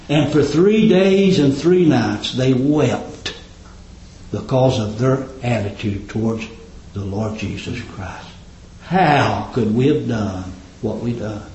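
An impassioned man delivers a sermon, his voice climbing into high, ringing cries before dropping low again. His voice rings around an echoing room. The recording sounds a little dull. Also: lively intonation, takes it slowly, a little mellow. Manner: impassioned, rising to high exclamations. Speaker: preacher. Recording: roomy, slightly dull recording.

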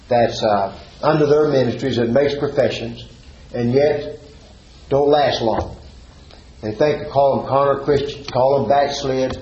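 A man's voice: mid-range voice, darkish tone. Preacher guy, sermon in an echoey room, kinda dull muffled sound. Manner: reads scripture in King James wording, then preaches with rising emphasis. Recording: roomy, slightly dull recording with faint noise.

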